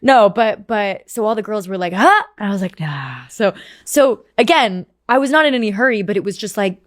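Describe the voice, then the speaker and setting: A young woman in her twenties, a podcast guest, telling a story in a lively, animated way and swearing freely in casual chat. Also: mid-range voice, moderate pace, no room sound, studio quality. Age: 20s.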